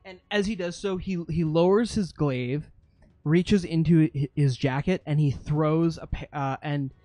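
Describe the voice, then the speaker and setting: A man with a fairly high voice running a tabletop game as game master. He narrates the action with energy and breaks off to explain the rules, dropping in fillers as he goes. Faint music plays underneath. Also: a little slow, dark tone, dry recording.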